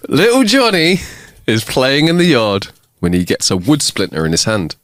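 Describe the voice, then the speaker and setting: A man co-hosting a comedy podcast, telling jokes with unhurried setups. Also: fairly low pitch, very animated, a bit bright, no echo, studio quality. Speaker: podcast co-host. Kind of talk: casual chat, telling jokes.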